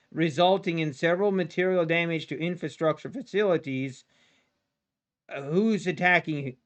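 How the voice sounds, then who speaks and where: A man livestreaming his futures trading, anxiously talking to his chat and pleading with the market, going from low muttering to sudden yells. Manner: talks to chat directly. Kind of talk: live trading stream commentary.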